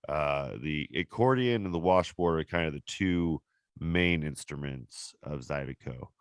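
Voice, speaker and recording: Deep, smooth-voiced male podcast host. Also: a little slow, no room sound, studio quality. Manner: loose, rambling explanations with frequent fillers. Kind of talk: casual podcast chat.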